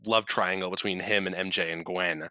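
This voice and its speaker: A man's voice: deep voice, steady tone, moderate pace, bright, forceful tone, dry recording. A young man co-hosting a casual movie podcast, blunt and opinionated, swearing freely. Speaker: podcast co-host. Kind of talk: casual movie-recap chat.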